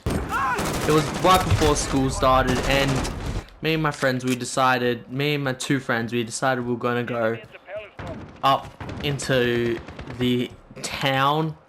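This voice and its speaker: Sweary Aussie teen telling a story. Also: male voice, mid-range voice, slow, a little hiss or hum. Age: teens. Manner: animated, swearing, rambling. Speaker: gaming channel host. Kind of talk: casual storytime over gameplay. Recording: game gunfire in background.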